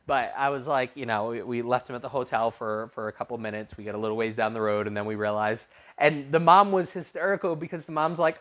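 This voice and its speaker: A man preaching to a youth group, telling a story in an animated way with frequent restarts. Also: mid-range voice, fast, few pauses. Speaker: youth pastor.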